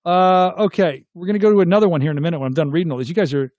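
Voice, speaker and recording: High-voiced Philly-man chatting live. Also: steady tone, rapid-fire, darkish tone, no echo. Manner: chatty, reads comments aloud and asks viewers to weigh in. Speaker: livestream host reading viewer comments. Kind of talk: casual live chat.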